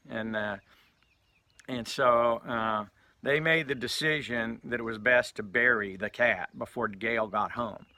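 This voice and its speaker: A man's voice: medium pitch, unhurried, sharp tone. A man telling a casual anecdote, rambling with lots of fillers and restarts. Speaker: storyteller.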